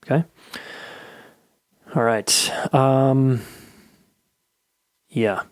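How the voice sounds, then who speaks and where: A man's voice: medium pitch, extremely slow, no echo, clean studio sound. A middle-aged man hosting a podcast, giving candid, blunt advice in a casual solo monologue and swearing freely. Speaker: podcast host.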